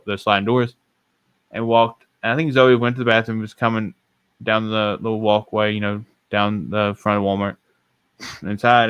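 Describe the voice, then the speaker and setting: Smooth-voiced young man telling a story. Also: lowish voice, no echo, highs cut off. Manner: rambling, self-correcting storyteller. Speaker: podcast host. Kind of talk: casual storytelling.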